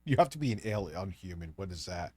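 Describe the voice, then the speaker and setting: A man's voice: low-pitched, lively intonation, quick pace, darkish tone, no echo. A man making sarcastic, profane interjections during casual stream commentary. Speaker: stream co-host.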